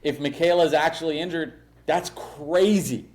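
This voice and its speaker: A man's voice: fairly high pitch, moderate pace, darkish tone. Blunt, opinionated podcast man. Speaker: podcast co-host. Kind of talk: casual recap chat.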